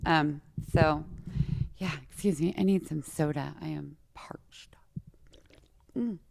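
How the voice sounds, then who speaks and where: A woman's voice: on the low side, dry recording, studio quality. A woman in her forties from Utah with a lisp, chatting casually and telling personal stories straight to her listeners. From Utah, USA. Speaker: podcast host.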